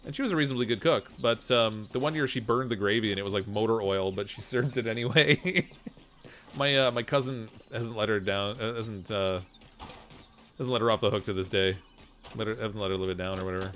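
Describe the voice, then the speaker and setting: A man in his forties with a slight Canadian accent, chatting casually while streaming a game, relaxed and chuckling, with many fillers. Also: fairly low pitch, a little fast. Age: 40s. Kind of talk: casual gameplay stream chat.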